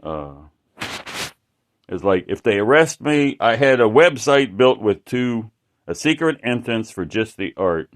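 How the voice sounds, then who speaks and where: A man's voice: mid-range voice, sing-song, measured pace, slight background noise. A man talking casually about his art in a rambling, profane way, often stopping and restarting mid-sentence. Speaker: artist showing his work.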